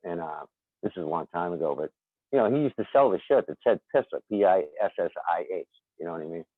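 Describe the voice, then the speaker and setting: Low-voiced Boston man on a tinny line. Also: lively intonation, fast talker, no echo. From Boston area, USA. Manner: rambling, chuckling, repeats himself. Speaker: podcast guest. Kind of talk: casual chat. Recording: tinny phone-like call line.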